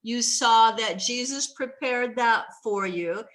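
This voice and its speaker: A woman hosting a faith talk show speaks slowly and unhurriedly, with a bright, clear tone. Her pitch sits a little high. She is earnest and emotional, and at times she laughs or her voice catches. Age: older. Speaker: host.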